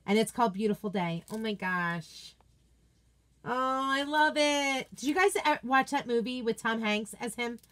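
An enthusiastic woman hosts a casual unboxing chat from her home office. She gushes over each item and answers her viewers in a chatty, excited way. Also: a little high, a little slow. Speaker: craft product seller and video host.

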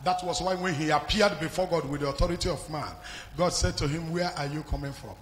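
A man with a Nigerian accent preaching a fiery sermon as pastor, swinging from hushed to shouting. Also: fairly high pitch, fairly even intonation, fast talker, a little hiss or hum. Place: large church hall. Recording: live hall with music behind.

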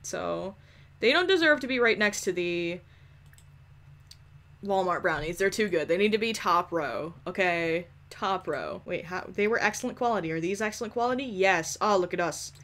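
A young woman giving casual, animated commentary over a life-simulation game, swearing often and scolding the characters. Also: lowish voice, normal speed. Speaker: gameplay commentator.

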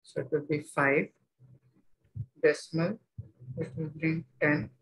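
Slow-talking male maths teacher. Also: a little high, level tone, fairly bright tone, husky, low-quality recording. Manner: slow, step-by-step explaining with frequent checks. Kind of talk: online maths lecture.

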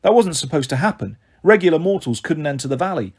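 A man narrating a first-person story as an audiobook reader, in a lively, expressive way. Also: on the high side, fast, husky.

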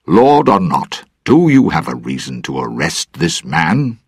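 A man's voice: sits low, very animated, unhurried, vocal fry, husky, no echo, clean studio sound, voice pushed up, full character voice. A man voicing an indignant older governor and father in a storybook reading, speaking firmly and commandingly.

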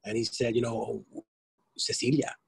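A man's voice: medium pitch, level tone, moderate pace, gravelly, darkish tone, slightly rough, no echo, low-quality recording. A man, giving a blunt, streetwise lecture to students, with frequent profanity and restarts. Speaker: guest lecturer.

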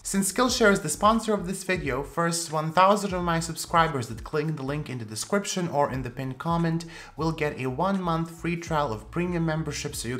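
A woman hosting a plant channel, explaining rules in a casual, playful way with sharp jumps for emphasis. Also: a bass voice. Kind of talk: casual instructional talk.

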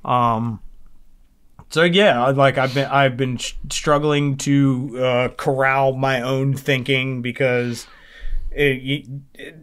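A man's voice: medium pitch, fairly even intonation, slow pace, a bit bright, clean tone. A man on a recovery podcast, telling a long story in casual chat, rambling and swearing often, with many fillers and restarts.

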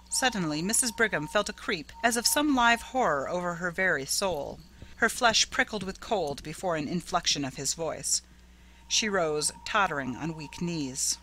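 Bright-toned woman narrating a ghost story. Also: lowish voice, animated, moderate pace, soft background music, low-quality recording.

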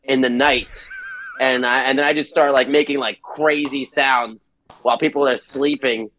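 A man's voice: medium pitch, moderate pace, slight background noise, low-quality recording. A man from New Jersey, a guest musician in casual chat, telling stories and acting out the dialogue. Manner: animated storyteller acting out quoted dialogue.

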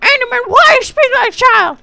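A gamer voicing a shrill, scolding mother of a child monster in a high falsetto, snappy and dismissive. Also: animated, fast talker, gravelly, sharp tone, faint music behind, full character voice.

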